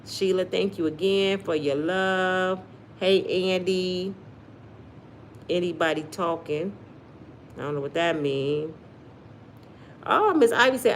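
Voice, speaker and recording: A woman's voice: lowish voice, slow, pauses often, a little hiss or hum. A middle-aged woman with an African American accent, giving sassy live-stream commentary and talking straight to her viewers. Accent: African American English. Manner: animated and sassy, addresses viewers directly. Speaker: commentary vlogger reading live chat.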